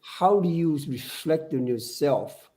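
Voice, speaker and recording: A man's voice: on the high side, expressive, takes it slowly, mellow. An older man speaking as a podcast guest, earnest and preachy, often repeating his words as he talks. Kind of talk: casual podcast discussion.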